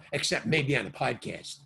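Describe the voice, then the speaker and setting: Older guy w a husky voice, rambling on with stories in an interview, gets loud then quiet. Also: medium pitch, slow. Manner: rambling, animated storyteller with sudden loud and soft swings. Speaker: interview guest, actor and stand-up comedian. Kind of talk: casual anecdotal storytelling.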